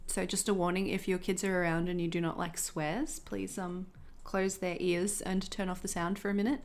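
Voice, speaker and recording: A woman's voice: fairly low pitch, little pitch movement, normal speed. A young adult Australian woman chatting casually with viewers while she hosts a journaling livestream. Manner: chatty, bubbly, talks to chat viewers.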